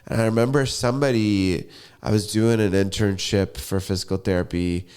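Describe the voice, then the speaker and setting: A man's voice: on the low side, fairly even intonation, normal speed, a little mellow, clear, resonant tone. A man hosting a podcast, laid-back and affirming, chatting in a casual, slangy way. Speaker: podcast host. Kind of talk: casual interview chat.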